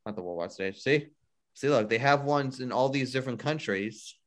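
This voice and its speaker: Guy cohosting a music podcast, rambly, says like constantly, average pitch. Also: normal speed. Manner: rambling, heavy use of "like". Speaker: podcast co-host. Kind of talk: casual chat.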